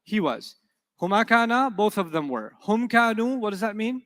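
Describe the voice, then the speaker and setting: A middle-aged man teaches a class, animated and quick to question his students. His voice sits high for a man. It rings out with a long reverb in a lecture hall. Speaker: Arabic teacher.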